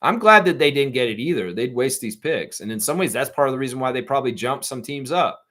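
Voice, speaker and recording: A man's voice: mid-range voice, fast talker. A man with a Southern accent hosting a casual live stream, rambling animatedly while reading and answering viewer comments. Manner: animated, rambling, quotes imagined voices. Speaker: livestream host.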